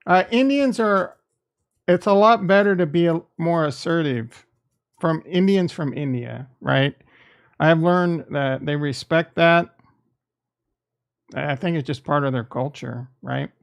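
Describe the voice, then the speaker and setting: A man hosts a casual livestream and answers his chat directly, defensive one moment and joking the next. His voice sits a bit high for a man and carries a gravelly fry. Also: a little slow. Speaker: livestream host reading chat.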